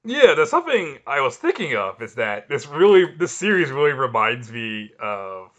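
A man's voice: medium pitch, big pitch swings, normal speed, fairly bright tone. A man co-hosting a comics podcast, chatting casually and enthusiastically, often restarting his sentences. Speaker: podcast co-host. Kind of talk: casual chat.

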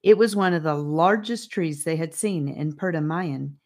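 A woman's voice: sits low, moderate pace. A woman narrating a storybook, reading aloud and addressing the listener. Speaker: audiobook narrator.

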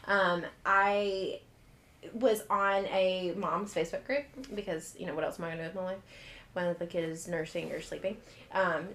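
Chatty woman who laughs easily. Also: medium pitch. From Southern United States. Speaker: podcast co-host. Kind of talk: casual podcast chat.

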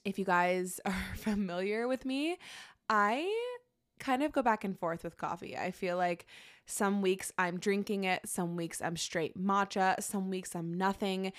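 Hosting her podcast alone, a young woman who is heavily pregnant talks casually and wanders from topic to topic, laughing frequently and sounding a bit breathless. She speaks at an unhurried pace in a mid-range voice.

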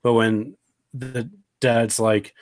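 A man's voice: medium pitch, flat delivery, drawn-out words, no echo. A man co-hosting a casual movie discussion, earnest and reflective, often restarting his sentences. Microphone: headphones on, desk mic.

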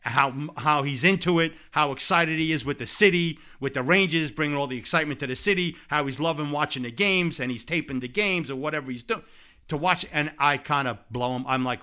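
A man telling a long, lively personal anecdote in casual conversation, laughing along as he goes. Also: on the high side, fairly quick, clean tone. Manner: animated anecdote-telling with laughs and repeated "blah, blah". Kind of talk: casual storytelling chat.

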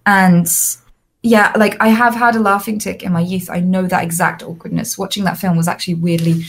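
Young woman telling lively stories. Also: lowish voice, fairly quick. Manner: lively anecdotes, frequent fillers and restarts. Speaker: interview guest, streamer. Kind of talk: casual storytelling.

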